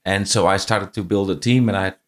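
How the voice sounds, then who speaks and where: Low-pitched and brisk, this middle-aged man speaks with fairly even intonation and a faint Irish-tinged accent, though English isn't his first language. He's a franchise CEO guesting on a podcast, telling stories casually, frequently restarting and circling back over the same phrases.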